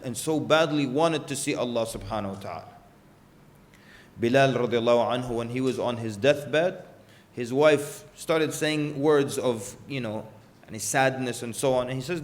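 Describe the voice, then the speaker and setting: A male lecturer with a slightly higher voice delivers an earnest religious talk. He moves through stories and rhetorical questions aimed at the audience in front of him.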